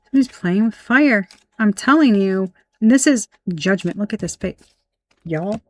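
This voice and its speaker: A woman's voice: mid-range voice, animated, normal speed, no room sound. A woman giving a casual tarot reading, blunt and emphatic, swearing freely as she points out the cards. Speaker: tarot reader.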